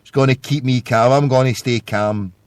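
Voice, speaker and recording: Scottish male host, mid-pitched, dry close sound, profane and volatile on air. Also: normal speed, clean tone, no room sound. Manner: profane, swinging between yelling and forced calm. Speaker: internet radio host. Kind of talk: live call-in show rant.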